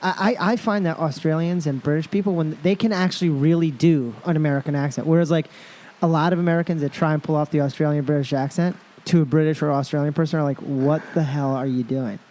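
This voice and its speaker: New male guest, mellow-toned and upbeat, prone to rambling and quick laughs. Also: a little high, steady tone. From New York City. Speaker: podcast guest. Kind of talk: casual conversation.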